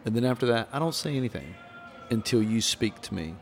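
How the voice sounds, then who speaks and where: Gravelly man telling a story earnestly. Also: medium pitch, lively intonation, fairly quick, faint music behind. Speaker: podcast host, former minister. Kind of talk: candid conversation about grief.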